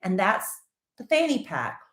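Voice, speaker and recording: A woman's voice: medium pitch, very animated, a little slow, fairly bright tone. A middle-aged woman co-hosting a podcast, chatting casually and teasing her co-host in a playful way. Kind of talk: casual chat. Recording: roomy echo.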